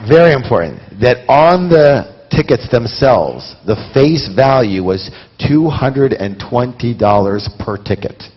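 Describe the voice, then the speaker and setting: A man telling stories to a live seminar audience in an animated way, talking straight to the listeners. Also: medium pitch, measured pace, hardly any pauses, husky. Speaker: seminar speaker. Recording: dull lo-fi recording.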